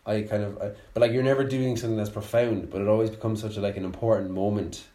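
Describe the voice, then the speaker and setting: A man's voice: lowish voice, fairly even intonation, fast talker, warm tone. Male podcast host, loose rambling delivery, roomy recording. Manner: rambling, filler-heavy, restarts often. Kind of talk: casual chat.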